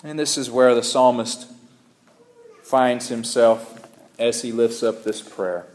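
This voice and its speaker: A man's voice: mid-range voice, steady tone, slow, darkish tone. A man preaching a sermon, earnest and searching, often repeating words and restarting phrases as he explains scripture. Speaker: pastor.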